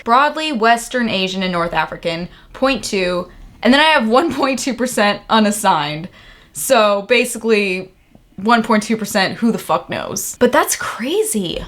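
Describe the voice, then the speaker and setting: A young woman from the United States talking candidly to camera in a casual vlog, excitable and swearing freely. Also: a little high, normal speed. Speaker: vlogger.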